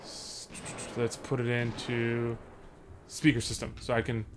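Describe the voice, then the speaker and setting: A man's voice: mid-range voice, completely flat delivery, measured pace, noisy background. A young man, commenting on a horror game he is playing, joking around and swearing when he gets scared. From Sudbury, Canada. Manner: jokey, swears, panics and yelps when scared. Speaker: let's play host.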